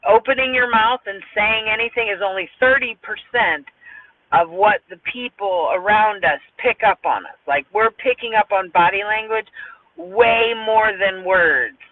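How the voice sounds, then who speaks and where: Man, Southern accent, high voice, emphatic, repeats himself, support group host, phone-quality sound. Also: measured pace, no echo. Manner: animated, advice-giving, repeats key points. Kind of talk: casual livestream chat. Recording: tinny phone-like audio.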